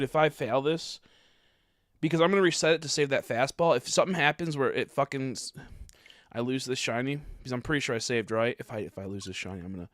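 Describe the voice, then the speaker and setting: A young man streaming a video game in casual chat, swearing a lot and swinging from low mumbles to loud frustrated outbursts. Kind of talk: casual gaming livestream chat.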